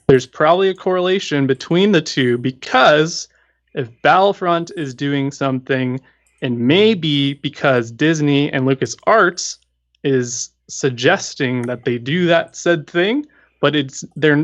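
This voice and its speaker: A man's voice: a little high, a bit bright. A man hosting a casual gaming stream, answering viewer questions in a rambling way and often repeating words as he thinks. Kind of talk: casual chat. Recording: dull lo-fi stream audio.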